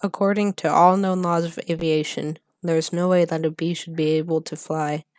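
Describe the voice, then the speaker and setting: Deadpan monotone script reader. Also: medium pitch, moderate pace, very noisy. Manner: deadpan monotone reading, stumbles and loses place. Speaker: channel host reading a script. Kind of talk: script read-aloud.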